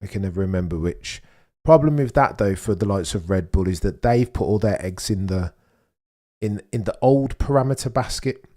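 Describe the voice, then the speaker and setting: A young man talks casually on a live stream. His voice sits a little low, and he chats freely as he reads out and answers viewers' messages. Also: lively intonation, moderate pace, mellow. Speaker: livestream host. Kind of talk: casual live watchalong commentary.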